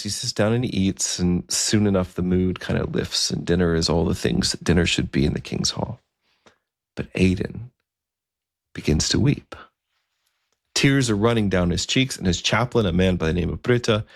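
A man tells a historical story in a conversational, unhurried manner, pausing now and then on fillers. His voice is very low and gravelly, close and dry, with no room sound around it. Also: no room sound.

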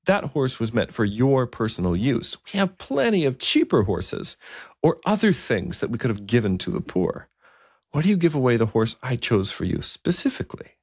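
A man's voice: medium pitch, very animated, moderate pace, darkish tone, slightly rough, no room sound, clean studio sound, pitched above the performer's own voice. A man voicing an earnest king who questions his bishop in a pleading, puzzled way, raising his voice well above his own.

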